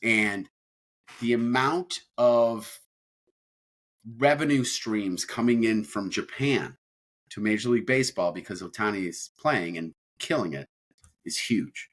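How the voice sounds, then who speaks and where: Bright-voiced rambling male podcast co-host. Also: lowish voice, a little slow. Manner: rambling, repeats words, agrees often. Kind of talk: casual chat.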